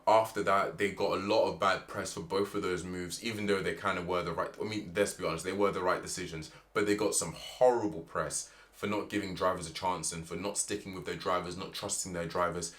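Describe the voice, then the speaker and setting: A man giving animated, opinionated motorsport commentary, with emphatic rhetorical questions. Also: deep voice.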